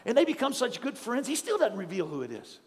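A middle-aged man pastor preaching a sermon in a church, telling stories with animated energy and building to shouts. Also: extremely high pitch, quick pace, in a large hall. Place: church sanctuary.

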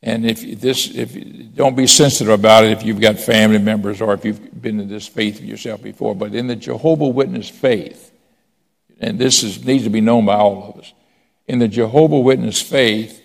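Speaking at a moderate pace in a large hall, this pastor has a gravelly, fairly low voice with fairly even intonation. His sermon is conversational: he tells stories, questions the congregation and asks people to raise their hands.

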